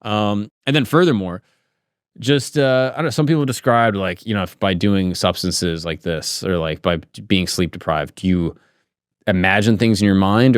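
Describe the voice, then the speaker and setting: A man's voice: low-pitched, dry recording, clean studio sound. A young man hosting a podcast, telling a spooky story casually with loose rambling speech, many "like" fillers and swearing. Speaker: podcast host.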